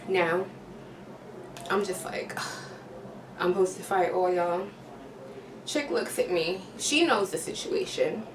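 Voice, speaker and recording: A woman's voice: on the low side, animated, slow, long pauses. A woman vlogger telling a storytime tale, full of slang and sound effects. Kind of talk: storytime vlog. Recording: roomy, distant, noisy home recording.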